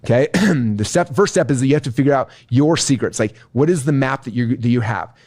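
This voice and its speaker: A middle-aged man teaching as a business coach, animated, often checking in with the audience. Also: medium pitch, brisk. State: out of breath. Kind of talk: energetic teaching talk.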